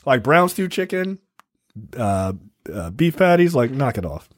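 A man talks loosely on a podcast, swearing freely and wandering between thoughts with plenty of fillers. His voice sits at a middling pitch. The sound is dry and close with little room in it. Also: sing-song, a little slow, dry recording. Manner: profane, laid-back, rambling with fillers. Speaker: podcast co-host. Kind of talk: casual chat.

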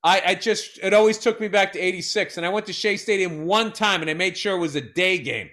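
A middle-aged man, co-hosting a casual podcast and telling animated, profane stories. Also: sits high, brisk. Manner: animated storyteller, swears freely, acts out quotes. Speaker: podcast co-host.

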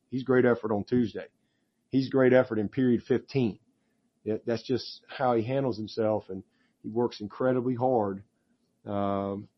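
A man's voice: fairly low pitch, lo-fi sound. A man, a head football coach, answering press conference questions with enthusiasm, rambling and restarting his sentences.

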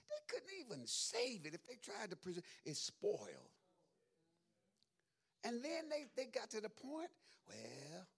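A male pastor preaching with a bright, gravelly voice that swings widely in pitch. He tells folksy stories with humorous asides and climbs into high, dramatic exclamations. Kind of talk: sermon with storytelling.

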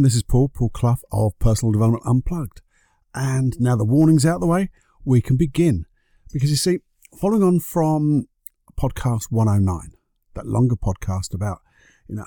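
Gravelly, dark-voiced man hosting a podcast. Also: mid-range voice, no echo, clean studio sound. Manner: conversational, asks rhetorical questions, briefly acts out other people's excuses. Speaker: podcast host. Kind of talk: solo podcast monologue.

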